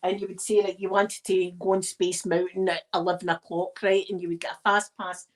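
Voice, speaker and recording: A woman's voice: fairly low pitch, little pitch movement, a little fast. A Scottish woman chatting casually and rambling through stories as she decorates a tree for an ASMR video. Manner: rambling, digressive storytelling.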